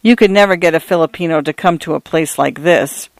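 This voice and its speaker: A man's voice: fairly high pitch, fairly quick, vocal fry, no echo. A man voicing a weary, cold male priest in his fifties who speaks in a dry, curt way. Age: 50s.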